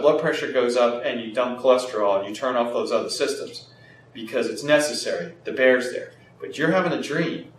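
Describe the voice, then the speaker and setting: A man being interviewed as a health practitioner, explaining in an animated way and acting out bits of dialogue. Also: medium pitch. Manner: animated, acts out quoted dialogue. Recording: echoey room, mic at a distance, faint noise.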